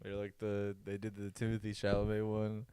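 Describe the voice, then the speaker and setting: A man's voice: lowish voice, monotone, brisk, warm tone, clean tone, dry recording. Laughing man co-hosting a podcast. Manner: laughs often, swears, acts out mock quotes. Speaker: podcast co-host. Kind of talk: casual comedic banter.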